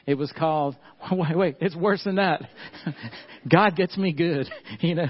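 A middle-aged man, a pastor, preaching a casual storytelling sermon in church. He chuckles often and addresses the congregation as y'all. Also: fairly high pitch. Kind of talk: conversational sermon. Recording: slightly muffled recording.

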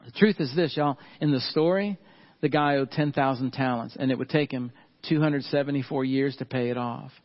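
A middle-aged man, preaching a sermon earnestly and slowing down and softening on key points. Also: medium pitch, highs cut off. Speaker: pastor.

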